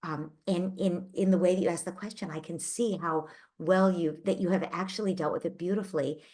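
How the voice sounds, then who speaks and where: A woman with a slightly low voice answers a parent's question on a live parenting Q&A. She speaks in an empathetic, reassuring coaching tone. She thinks aloud and restarts phrases now and then. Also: fairly even intonation, brisk, warm tone. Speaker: parenting advice host.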